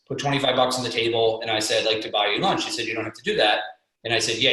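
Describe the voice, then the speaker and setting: A middle-aged man telling motivational stories on a conference call, energetic and acting out what people said. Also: mid-range voice. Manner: energetic, motivational, acts out quotes. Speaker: guest speaker and fitness coach. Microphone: video call. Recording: very echoey call audio.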